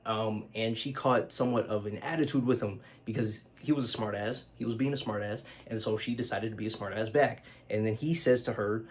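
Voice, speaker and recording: A man's voice: fairly low pitch, a little fast, hardly any pauses. A man telling a personal story to camera in a loose, conversational way, with lots of fillers and casual swearing. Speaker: vlogger.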